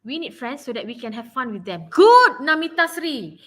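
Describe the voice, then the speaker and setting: A woman's voice: fairly high pitch, very animated, fairly quick, sharp tone. A Malaysian woman teaching an online English revision class, encouraging students and often repeating her phrases.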